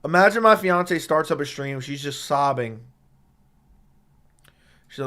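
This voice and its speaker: This man's fairly high voice has lively intonation and a sharp tone, and he speaks unhurriedly with long pauses. He has a sore throat and chats casually on a live stream into a studio dynamic microphone, reading viewer comments and bluntly, profanely trash-talking chat.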